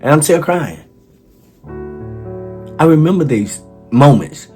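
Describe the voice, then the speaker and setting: A man's voice: a little high, animated, takes it slowly, mellow. A man, telling a personal story and laughing often. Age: 60s. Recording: guitar music underneath. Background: guitar music.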